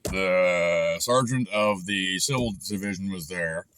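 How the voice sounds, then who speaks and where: A channel host recounts a dispute in a long, frustrated story, rambling casually with plenty of fillers and restarts. His deep, slightly bright voice moves slowly, with a little hiss or hum in the background.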